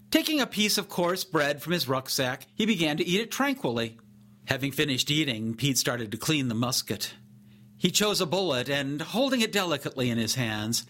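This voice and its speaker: A man reading a story aloud for a podcast in a measured, even storytelling manner. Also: mid-range voice. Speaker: podcast narrator. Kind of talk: scripted story narration.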